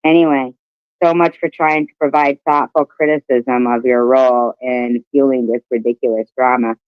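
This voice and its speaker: A man reads viewer comments aloud on a livestream and mocks them as he goes. His voice is smooth, though the stream audio is slightly muffled. The sound is dry and close. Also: medium pitch, steady tone, moderate pace, no room sound. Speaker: livestream co-host reading chat.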